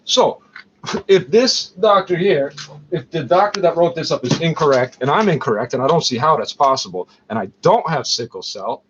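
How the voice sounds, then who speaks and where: A man's voice: a little high, expressive, brisk. A Canadian man in pain, ranting heatedly and profanely in an angry vlog monologue. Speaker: vlogger. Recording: dull lo-fi recording with faint noise.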